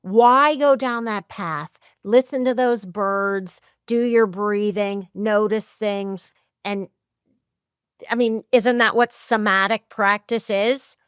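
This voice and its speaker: A middle-aged woman hosts a podcast in a lively, emphatic way, often acting out her own racing thoughts. Her voice is smooth and clear, and it sits in an ordinary middle register. The sound is dry and close, with no room around it. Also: mid-range voice, slow, no echo. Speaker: podcast host. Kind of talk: casual podcast chat.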